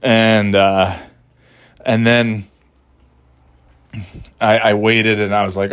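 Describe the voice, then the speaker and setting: A man's voice: on the low side, level tone, extremely slow, long pauses, clear, resonant tone, no echo, clean studio sound. A middle-aged man telling a story in a casual, self-deprecating, rambling way.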